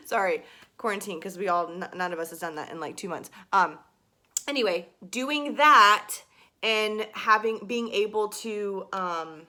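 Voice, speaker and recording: Bright-voiced, chatty young woman teaching singing. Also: medium pitch, a little slow. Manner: chatty, with many fillers and asides. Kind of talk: casual vocal lesson to camera.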